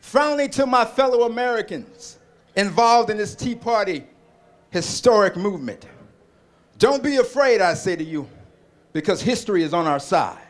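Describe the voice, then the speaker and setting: A man's voice: high-pitched, lively intonation, normal speed. A man delivering an impassioned political rally speech, building rhetorical repetitions and leading the crowd in call-and-response chants. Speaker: rally speaker.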